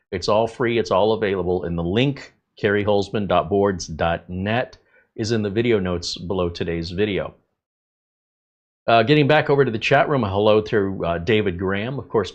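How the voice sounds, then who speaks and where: A man hosting a live tech channel stream, greeting viewers in a relaxed, chatty way with many filler pauses. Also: sits low.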